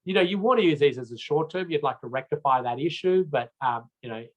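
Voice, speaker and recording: A man's voice: fairly high pitch, animated, quick pace, fairly bright tone, rough recording. A man with an Australian accent giving a recorded road safety training lecture in a casual, chatty way, with many fillers and restarts.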